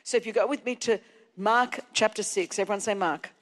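A woman preaching a sermon from a church stage. She presses hard on key words and climbs into shouts. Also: mid-range voice, brisk, long reverb tail. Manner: emphatic, stretching key words and rising to shouts. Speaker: pastor. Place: church hall.

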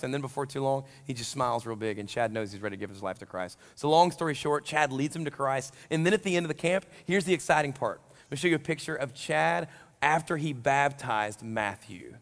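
Joking preacher in a big echoing hall. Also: male voice, mid-range voice, quick pace. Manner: animated, joking, acts out quotes. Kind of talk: sermon. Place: large church hall during a service. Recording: long reverb of a large hall.

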